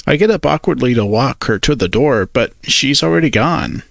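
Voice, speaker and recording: A man's voice: medium pitch, lively intonation, normal speed, vocal fry, few pauses, fairly bright tone, no room sound. A man narrating a first-person story, hesitant and awkward in his character's lines.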